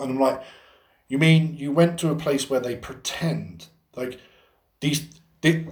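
A man's voice: medium pitch, measured pace, long pauses, darkish tone, echoey room. A young adult Englishman co-hosting a podcast, swearing a lot and telling a story animatedly. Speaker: podcast co-host. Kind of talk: casual storytelling chat.

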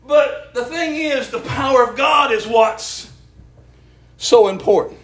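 High-voiced preacher, echoey church. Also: male voice, slow. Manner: impassioned, rising to shouts, folksy. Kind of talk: sermon with call and response.

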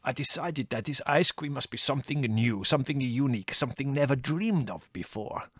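A man's voice: mid-range voice, expressive, fairly bright tone, breathy edge, no echo, studio quality, pitched above the performer's own voice. A man putting on a wailing café owner. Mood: dramatic. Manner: theatrical, wailing, slow and drawn out. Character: melodramatic Greek male café owner, despairing.

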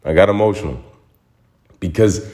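Low-pitched and darkish in tone, a young man hosts a solo podcast at a moderate pace. He shares his own story in a reflective, emotional way, frequently repeating himself as he collects his thoughts.

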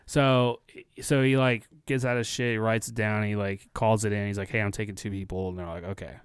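A young man on a podcast, casually telling a profane, animated story and acting out the people in it. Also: fairly low pitch, fairly quick, clean tone, no echo, studio quality. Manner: profane, animated retelling with quoted voices. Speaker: podcast co-host.

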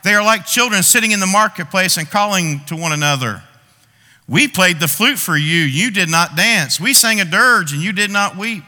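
A man preaching a sermon, acting out people's complaints to God with dramatic pauses. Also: sits high, expressive, sharp tone. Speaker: pastor. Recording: long reverb of a large hall.

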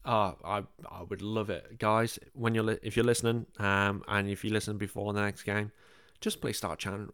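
A man's voice: fairly low pitch, flat delivery, moderate pace, few pauses, a bit bright, smooth, dry recording, studio quality. A man with a northern English accent hosting a casual podcast chat, self-deprecating and full of ums. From northern England. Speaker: podcast host.

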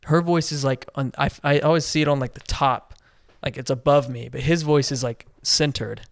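Man, podcast co-host, enthusiastic, rambling, mid pitch, dry close sound. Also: steady tone, moderate pace, vocal fry, no echo. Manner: enthusiastic, rambling with restarts and fillers. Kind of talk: casual music discussion.

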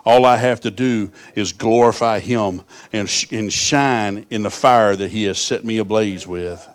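A man's voice: fairly low pitch, a little slow, few pauses, dry recording. A middle-aged man preaching a sermon, telling folksy stories that swell into fervent appeals.

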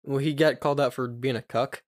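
Young man, mid-pitched voice, podcast co-host, joking, quick asides, dry sound. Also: steady tone, no echo. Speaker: podcast co-host and network owner. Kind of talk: casual chat.

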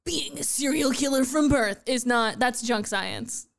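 A woman co-hosting a podcast, talking in animated, playful rants in casual chat. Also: sits high, a little slow, gravelly. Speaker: podcast co-host.

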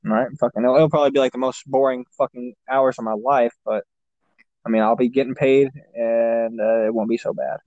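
A young man telling a long, rambling story in casual chat, full of swearing and filler words. His pitch sits in an ordinary middle range. The sound is dry and close, with no room around it. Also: fairly even intonation, fairly quick, darkish tone, no echo, muffled recording.

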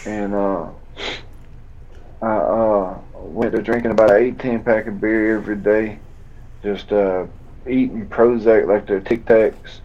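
A man, a fighter telling a painful story in an interview, drawling and halting as he acts out old conversations. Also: lowish voice, fairly even intonation, mellow. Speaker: bare-knuckle fighter guest. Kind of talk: emotional storytelling in a podcast interview. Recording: dull lo-fi audio.

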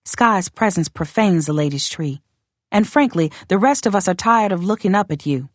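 A woman voicing a proud northern warrior queen who speaks in a measured, formal and quietly contemptuous way. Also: lowish voice, expressive, dry recording, voice pushed up. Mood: cold, demanding. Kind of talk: audiobook character reading.

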